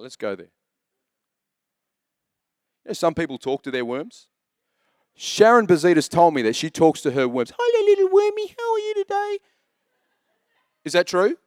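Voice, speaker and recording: A man's voice: a little high, dry recording, studio quality. A man in his thirties preaching a sermon as pastor, telling jokey stories in a chatty way. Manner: chatty, joking storyteller.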